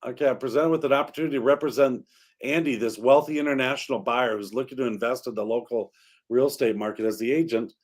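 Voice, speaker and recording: A male realtor co-hosting a radio show, in a voice of middling pitch. He thinks out loud in long, winding explanations full of restarts. The talk is casual and unscripted, in a studio. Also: fast.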